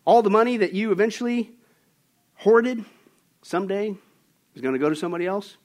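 A man preaching a sermon, emphatic and animated as he tells stories. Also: sits high, fairly quick. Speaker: pastor.

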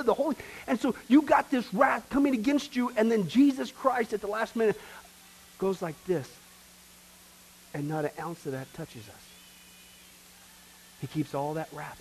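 Man, pastor, preaching a sermon, animated, fairly high voice, loud and soft swings. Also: slightly rough, low-quality recording.

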